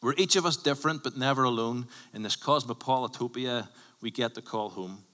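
A man preaching a sermon as a pastor, conversational and emphatic, swinging from loud bursts to hushed lines. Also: mid-range voice, fairly quick, big-room sound. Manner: emphatic, conversational preaching with sudden bursts and drops to near whisper. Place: church.

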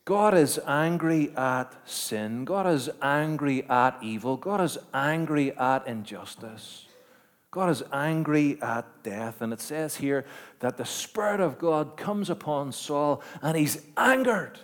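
A man preaching a sermon, moving between quiet, measured storytelling and loud, emphatic declarations with rhetorical questions. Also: on the high side. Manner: dynamic, swings from hushed to emphatic, rhetorical questions.

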